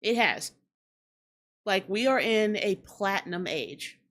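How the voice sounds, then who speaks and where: A woman's voice: medium pitch, expressive, slow pace, a bit bright. A woman hosting a hip-hop commentary show, talking in a blunt, profane, ranting way and repeating lines for emphasis. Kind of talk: casual commentary rant.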